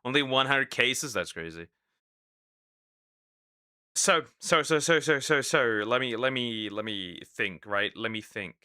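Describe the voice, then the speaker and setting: A man's voice: mid-range voice, expressive, unhurried, pauses often, sharp tone, smooth, no echo, clean studio sound. A young man reacting to videos in casual live commentary, laughing often and repeating himself.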